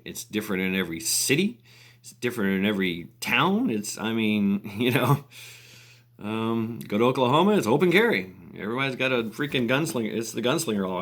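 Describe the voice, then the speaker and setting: A vlogger with a lowish, slightly bright voice rants casually to the camera. He rambles, using fillers, restarting his sentences and breaking into laughter.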